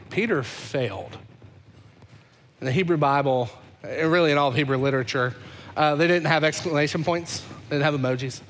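A pastor preaching a sermon in an animated, conversational way, building points by repeating phrases. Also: male voice, fairly high pitch, long reverb tail.

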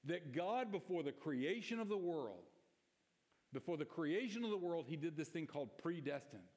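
A man's voice: a little high, animated, normal speed, darkish tone. Conversational man preaching in a reverberant hall. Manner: conversational and emphatic, with rhetorical questions. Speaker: pastor. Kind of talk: sermon. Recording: long reverb of a church hall.

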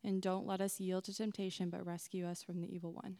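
A woman reading a Bible passage aloud in church, calm and steady. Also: fairly low pitch, brisk. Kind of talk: scripture reading.

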